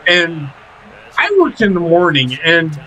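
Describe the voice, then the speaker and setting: A man's voice: a little high, big pitch swings, slow, bright, forceful tone, a little hiss or hum, poor audio. A young man chatting casually while gaming, telling profane stories and laughing often. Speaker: gaming streamer. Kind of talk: casual chat.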